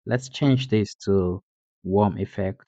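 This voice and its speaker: A man's voice: lowish voice, slow, mellow, no echo, highs cut off. A man narrating a coding tutorial over a screen recording, explaining steps plainly with frequent "uh" fillers.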